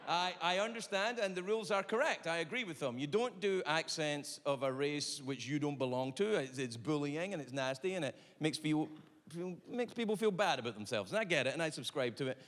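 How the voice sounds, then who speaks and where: A man performing a stand-up comedy set on stage, telling a story with big shouts and quiet asides. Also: fairly high pitch, animated, brisk. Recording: reverberant venue with faint ambience.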